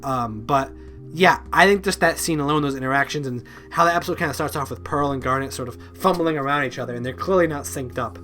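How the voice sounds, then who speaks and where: A man giving a casual, rambling review of cartoon episodes, halting and repeating words, with lots of ums and likes. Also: medium pitch, over music. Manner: loose and informal, swears offhand. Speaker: video reviewer.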